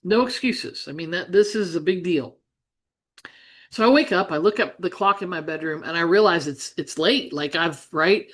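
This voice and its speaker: A woman's voice: fairly low pitch, normal speed. A middle-aged woman from Ohio, a business coach, telling a childhood farm story in an earnest way, with frequent restarts and asides. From Ohio, United States. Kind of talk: storytelling monologue.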